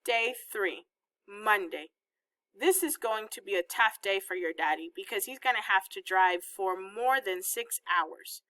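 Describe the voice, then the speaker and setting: A woman reading as an organized, patient mother who calmly explains a trip plan step by step. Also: medium pitch, unhurried, no echo. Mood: explaining plans.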